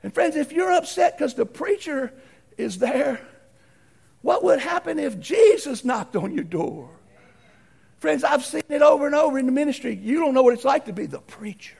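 A middle-aged man preaching a folksy storytelling sermon, animated and acting out the voices in his stories. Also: very high-pitched, moderate pace, creaky.

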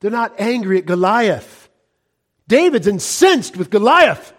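A middle-aged male pastor preaching a fiery sermon, swinging from loud cries to hushed, low warnings. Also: big pitch swings, unhurried.

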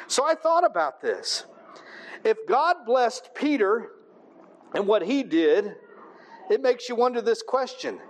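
A man with a notably high voice delivers a sermon. He reads scripture aloud, then explains it in plain, conversational terms, often stopping to ask his listeners "right?". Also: big pitch swings, takes it slowly, pauses often. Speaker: preacher.

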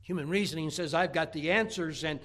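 Slightly high, a little fast and a bit bright, this male pastor's voice carries a sermon full of homely, funny stories. His folksy telling repeats words and climbs toward emphatic, rising points.

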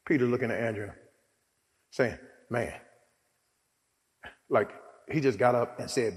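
A man preaching a sermon, telling a story dramatically and acting out the voices of its people, swinging from hushed to loud. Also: mid-range voice, measured pace, long pauses, in a large hall.

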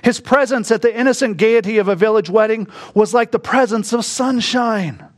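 A man preaching a sermon, moving between quiet, hushed reflection and sudden bursts of emphasis. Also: sits high. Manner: slow, reflective preaching that drops to a hush and rises to bursts of emphasis. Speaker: pastor.

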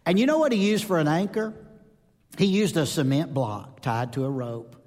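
A man's voice: a little high, animated, normal speed. A man in his fifties from North Georgia, a preacher, preaching emphatically and often asking the audience questions. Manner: emphatic, asks the audience questions, swings between loud and soft. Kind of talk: sermon. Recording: long hall reverb.

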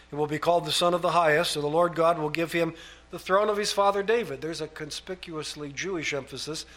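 Male preacher, slightly high voice, reads scripture with rising emphasis and drops quietly on asides. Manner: reads scripture aloud, rising emphatically on key phrases, dropping low on asides. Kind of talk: sermon.

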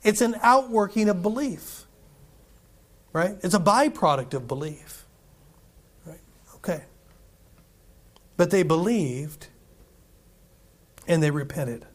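A man preaches a sermon emphatically after reading scripture aloud, repeating himself and questioning the congregation. His high-pitched voice is expressive and slow, with long pauses.

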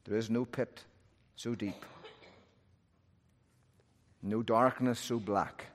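A man preaching a sermon, moving between loud, urgent peaks and hushed, low phrases. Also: steady tone, slow. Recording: long hall reverb.

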